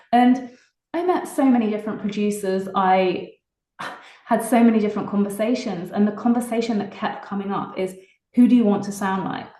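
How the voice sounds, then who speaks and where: A woman's voice: medium pitch, a little mellow. British lady singer chatting away, laughs a lot, roomy echo around her. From Britain. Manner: chatty, laughs often, fast bursts. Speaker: singer-songwriter guest. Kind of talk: casual interview chat.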